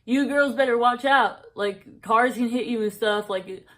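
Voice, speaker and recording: A woman's voice: a little high, moderate pace, fairly bright tone, close to an everyday voice. A young woman quoting an adult male stranger who gives a falsely friendly warning from his car. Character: adult male stranger, pushy fake-concerned driver.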